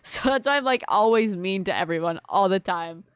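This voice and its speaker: A young woman chatting to her stream audience at a desk mic, rambling on and apologizing often as she works through things. Her voice sits at an ordinary middle pitch, and the sound is close and dry with no room echo. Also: animated, brisk, smooth. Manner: rambling, apologetic, filler-heavy. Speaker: livestreamer. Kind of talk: casual live-stream chat to viewers.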